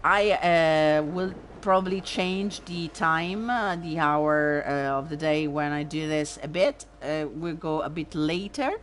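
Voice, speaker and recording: A woman streaming a video game, chatting casually in a halting way and laughing easily. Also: sits low, slight background noise. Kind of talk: casual gameplay commentary.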